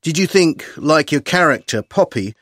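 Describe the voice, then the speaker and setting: An interviewer asking an actress questions in a lively, clear way. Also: mid-range voice, moderate pace, dry recording, studio quality.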